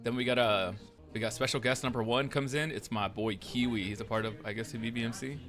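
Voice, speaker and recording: A man's voice: mid-range voice, fairly even intonation, fast talker, fairly bright tone, faint music behind. A man casually retelling events from a roleplay game, rambling and profane, acting out the lines of others. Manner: profane, rambling, acts out the quotes. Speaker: roleplay streamer.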